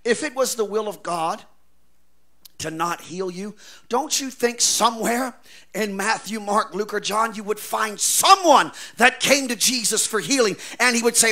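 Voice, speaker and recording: A man preaching a revival sermon, swinging from quiet asides to shouted declarations, with a folksy preacher's cadence. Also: sits high, measured pace. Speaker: pastor.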